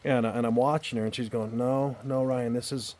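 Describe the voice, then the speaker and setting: With a medium-pitched, darkish voice and a steady tone, this man speaks briskly as he tells a personal story outdoors in a backyard at night. The storyteller vlogger sounds heartfelt and casual, rambling and often restarting or repeating words.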